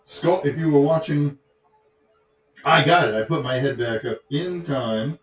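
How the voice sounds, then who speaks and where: A man's voice: on the high side, a little slow. Chatty Texan man in an echoey room. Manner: rambling, joking asides. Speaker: tech show host. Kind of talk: casual livestream chat.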